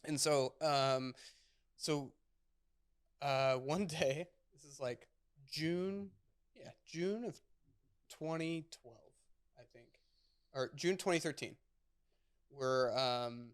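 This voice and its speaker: A man's voice: fairly high pitch, slow pace, pauses often, clear, resonant tone. A man in his thirties, a chef and podcast guest, telling a story in a loose, rambling way, full of fillers and swearing. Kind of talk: casual storytelling chat.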